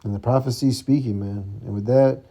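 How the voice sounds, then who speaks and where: Dark-voiced, slangy Chicago scripture teacher. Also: male voice, medium pitch, fairly even intonation. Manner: profane, slangy, peppers lines with "man" and "all right?"; reads scripture verses slowly and deliberately. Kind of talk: casual street-style scripture teaching.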